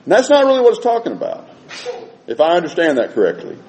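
A man preaching a sermon in a church, folksy and animated, dropping to soft low tones for emphasis. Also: fast, slight background noise.

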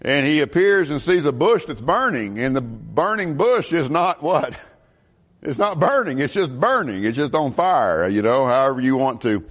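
A man's voice: mid-range voice, moderate pace. A man teaching a Bible lesson in a sermon style, reading verses aloud with emphasis and asking his listeners questions. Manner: expressive, reads scripture aloud with emphasis and asks the audience questions. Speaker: preacher teaching a Bible class.

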